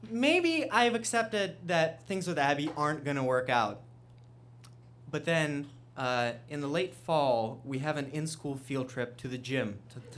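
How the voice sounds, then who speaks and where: A man from Russia telling a self-mocking story on stage before an audience, building to loud punchlines. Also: on the high side.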